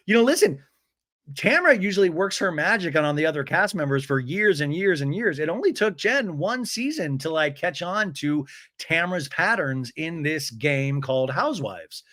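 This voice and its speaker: A man hosting a comedic recap, animated, slipping into high campy impressions of the people he retells. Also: normal speed, dry recording, clean studio sound. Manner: animated, mimics cast members in high campy voices. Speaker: podcast host recapping reality TV.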